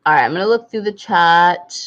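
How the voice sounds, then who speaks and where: A woman with a low voice talks books in a casual club chat, lively and given to playful impressions. The sound is a bit dull and lo-fi. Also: brisk. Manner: animated, mimics voices with laughter. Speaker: podcast co-host. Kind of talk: casual book club discussion.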